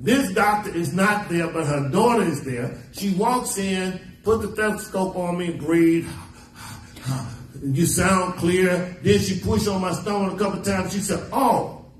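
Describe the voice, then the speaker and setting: Unhurried and high-voiced, a pastor delivers a sermon mixing homespun stories and dramatic quoted lines. It was recorded from a distance in an echoey church sanctuary, with a little hiss or hum.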